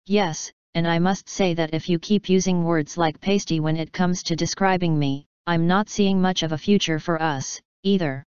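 A woman voicing a sassy, quick-witted young woman with sarcastic banter. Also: lowish voice, fairly even intonation, a little mellow, clear, resonant tone, dry recording, lightly acted. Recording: dry, slightly dull studio recording.

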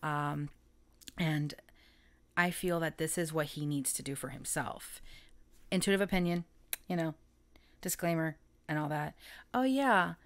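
Low-voiced giggly woman reading tarot. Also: a little slow, pauses often. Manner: chatty, giggly, rambling with frequent laughs. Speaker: tarot reader. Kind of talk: casual spoken tarot reading.

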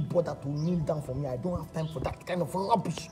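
A man with a Nigerian accent acting in a comedy skit, angry and shouting, repeating himself. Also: on the high side, brisk, hardly any pauses, soft background music. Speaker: skit actor.

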